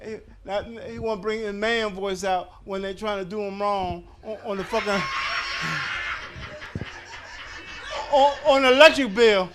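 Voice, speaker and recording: A man's voice: high voice, slow pace, long pauses, a bit bright, slight background noise. A man in his fifties doing a stand-up comedy set, telling loose, profane stories full of fillers and restarts. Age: 50s. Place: comedy club stage with a live audience.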